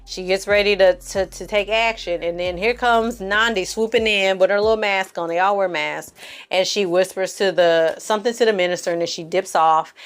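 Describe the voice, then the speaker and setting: A woman's voice: medium pitch, normal speed, clear, resonant tone. A woman giving a casual, slang-filled recap and review of a TV episode, chatting to her viewers and acting out the characters' lines. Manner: animated, slangy, acts out characters' lines with exaggerated inflection; frequent fillers and asides to the audience. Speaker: film and TV reviewer.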